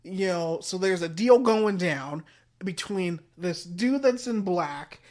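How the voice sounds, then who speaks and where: A man's voice: high voice, expressive, slow, darkish tone. Brief: male host, casual slangy retelling, rambling with restarts. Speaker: podcast host. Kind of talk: casual retelling of a comic story.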